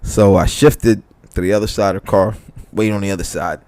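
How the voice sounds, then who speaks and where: A man's voice: fairly low pitch, brisk, no room sound. A young man co-hosting a podcast, telling a story in casual chat, swearing freely and acting out quoted lines. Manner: animated, swearing, acts out quotes in a raised voice. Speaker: podcast co-host.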